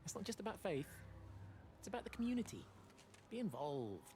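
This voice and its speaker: An earnest village vicar. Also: male voice, high voice, huge pitch swings, a little fast, warm tone, a little hiss or hum. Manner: persuasive, earnest. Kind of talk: video game voice acting.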